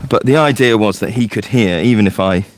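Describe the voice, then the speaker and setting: A man's voice: fairly low pitch, fairly quick, no room sound. A man, a forest school leader chatting casually and explaining things in a loose storytelling way. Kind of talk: casual podcast chat.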